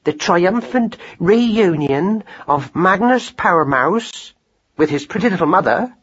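A man's voice: sits high, lively intonation, slow, a bit bright, slightly rough, voice pushed up, heavily acted. A man voicing a pompous father mouse who speaks ponderously and corrects everyone, on a dull lo-fi recording.

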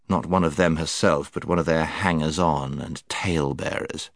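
A man reading an audiobook aloud, telling the story in a measured, expressive way. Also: extremely low pitch, dry recording, studio quality. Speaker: audiobook narrator. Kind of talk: scripted narration.

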